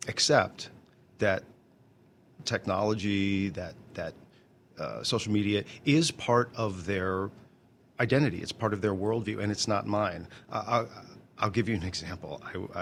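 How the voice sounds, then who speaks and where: A man's voice: deep voice, vocal fry, fairly bright tone, slight background noise. A man in his fifties, a guest in an interview, talking candidly with many halts and restarts. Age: 50s. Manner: halting, many restarts and repeated words. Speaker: interview guest, actor and songwriter.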